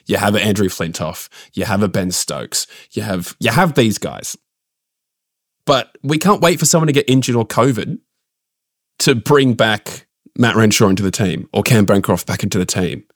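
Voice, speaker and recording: A man's voice: lowish voice, normal speed, no echo, studio quality. A man co-hosting a casual cricket podcast, opinionated and launching into rants. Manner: opinionated, ranting. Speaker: podcast co-host.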